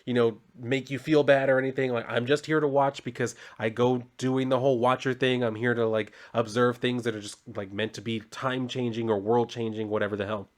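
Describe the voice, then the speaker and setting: A man's voice: mid-range voice, fairly even intonation, brisk, few pauses, close to an everyday voice. A man voicing a chatty, oddball male cosmic watcher who rambles in a loose, slangy way.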